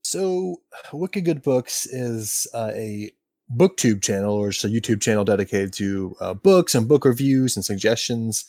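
A man's voice: lowish voice, expressive, a little slow, darkish tone, no echo, clean studio sound. A man, a book-review video maker, chatting easily as a podcast guest. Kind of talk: casual interview chat.

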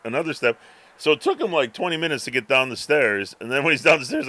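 A man's voice: mid-range voice, sing-song, quick pace, bright, forceful tone, dry recording. A man co-hosting a podcast, telling a rambling story in casual chat and acting out his cat's thoughts. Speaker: podcast co-host.

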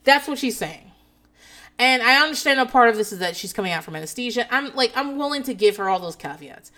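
A woman talking off the cuff, sarcastic and salty, drifting from story to story. Her voice sits a bit higher than most. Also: expressive, fast talker, bright, forceful tone. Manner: profane, sarcastic, rambling. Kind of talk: casual chat.

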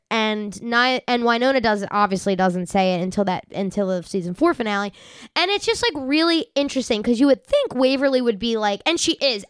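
A woman hosting a podcast, chatting excitedly as a fan, acting out lines from scenes and swearing freely. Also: fairly high pitch, clean tone, dry recording, clean studio sound. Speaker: podcast host. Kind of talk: casual fan chat.

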